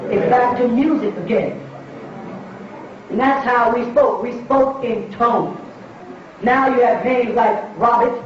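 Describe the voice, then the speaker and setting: A man with a strikingly high voice delivers a lecture, pressing his points by repeating them and asking his listeners rhetorical questions. He is recorded from a distance in a very echoey space. The sound is dull and lo-fi, with a faint hiss underneath. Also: measured pace, long pauses.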